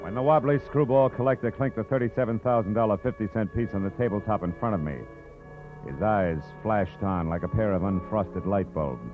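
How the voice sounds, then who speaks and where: An actor playing a wisecracking hard-boiled private detective in a 1940s radio drama, narrating in a wry, tough voice. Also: male voice, lowish voice, fairly quick, music in the background, lightly acted. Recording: tinny old radio broadcast.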